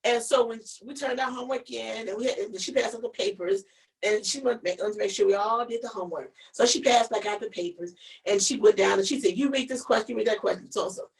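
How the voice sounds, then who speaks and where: A woman co-hosting a casual live-stream chat, telling a story in an animated way, with many restarts and repeated words. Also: on the high side, fast talker, gravelly, recorded from a distance, poor audio. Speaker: show co-host.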